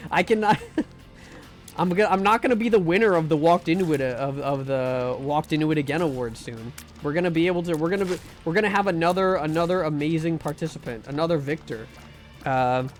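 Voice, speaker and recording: A man streaming live, chatting casually and rambling with jokes while playing a game. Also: fairly high pitch. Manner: rambling and joking, with restarts and mock pleas. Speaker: streamer and VTuber. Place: home room.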